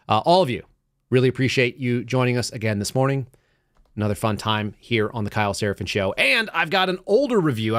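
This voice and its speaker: A man's voice: mid-range voice, fairly bright tone, no room sound, studio quality. A man hosting a live commentary show in a loose, chatty way, often laughing and restarting his sentences. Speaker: podcast host. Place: home studio set.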